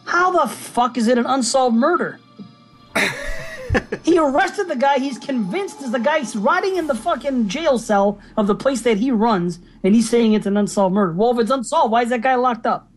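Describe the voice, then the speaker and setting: A man's voice: very high-pitched, animated, normal speed, faint music behind. A man co-hosting a casual movie review podcast, swearing a lot and ranting with animation. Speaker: podcast co-host.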